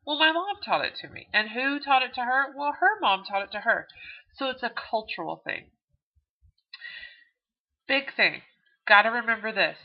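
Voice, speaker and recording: A woman with a Texan accent, a college instructor giving a chatty recorded video lecture with frequent fillers. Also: medium pitch. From Texas. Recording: dull lo-fi video audio.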